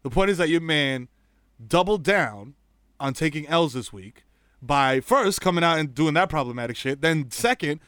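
A man in casual podcast chat, with a rather high voice that leaps around a lot in pitch. He laughs often and keeps jumping in to agree. He is recorded close and dry. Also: animated, moderate pace, fairly bright tone, clear, resonant tone, dry recording. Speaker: podcast co-host.

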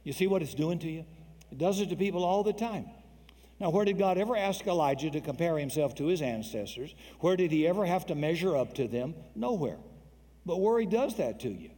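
A man's voice: a little high, lively intonation, brisk, warm tone, big-room sound. A man preaching a sermon in a folksy, joking, emphatic way.

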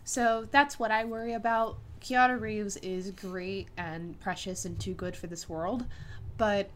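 A woman co-hosting a podcast in casual chat, earnest and opinionated, quick to laugh. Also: mid-range voice, fairly even intonation, a bit bright, slight background noise. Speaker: podcast co-host.

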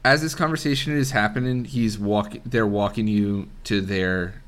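A man's voice: lowish voice, moderate pace, fairly bright tone. A man acting as game master, narrating a tabletop game casually with many restarts. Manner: laid-back, laughing, full of restarts.

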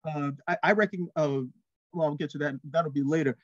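A man co-hosting a casual film review show, talking in an animated, rambling way with lots of restarts. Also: on the high side, a little fast, no room sound, dull audio. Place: TV studio.

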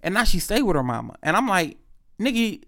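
A man's voice: high voice, sing-song, quick pace, creaky, pushed and bright. A man telling a personal story in a casual, profane, emphatic monologue.

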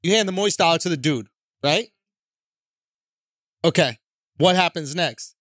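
A man co-hosting a podcast in casual comedic banter, animated and pushing the joke along. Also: fairly high pitch, measured pace, dry recording, studio quality. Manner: animated, joking, pushing the bit. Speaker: podcast co-host.

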